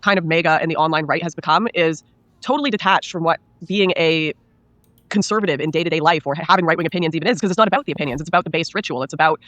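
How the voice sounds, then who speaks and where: Fast-talking woman with a bright voice. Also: low voice, no echo. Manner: rapid, earnest, acts out quoted people. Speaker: interview guest, author. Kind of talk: candid conversational interview.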